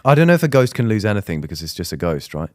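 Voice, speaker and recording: A man co-hosting a podcast in casual comedic chat, blunt and deadpan with sweary jokes. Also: on the low side, racing, no room sound, clean studio sound. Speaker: podcast co-host.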